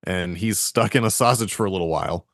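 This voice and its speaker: A man's voice: low voice, fast, no echo, clean studio sound. A man, co-hosting a podcast, casually retelling a story and laughing often between jokes. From Boston area. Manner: laughs often, loose and joking. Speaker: podcast co-host.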